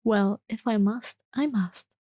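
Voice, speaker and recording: A woman voicing a pompous, fretful old king in a soft-spoken whispered role-play. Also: medium pitch, slow, dry recording, studio quality. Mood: grave.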